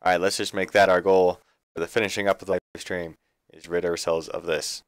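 A man's voice: deep voice, little pitch movement, fairly quick, dry recording, clean studio sound. A man streaming a building game live, thinking aloud in a chatty, self-correcting way. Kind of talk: live gameplay commentary.

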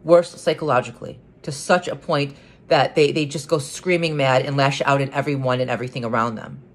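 A man's voice: medium pitch, fairly even intonation, a little fast. A man giving an earnest solo monologue as a vlogger, often stumbling and repeating words as he restarts his sentences, and getting more emphatic as he goes on.

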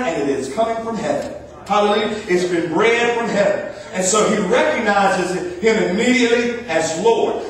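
A pastor preaches with a very high, ringing voice, and his words climb to fervent, repeated hallelujahs. He sounds far from the mic, with heavy echo filling a large church hall. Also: fairly bright tone. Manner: rising fervor, repeated hallelujahs. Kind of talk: sermon. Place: church sanctuary.

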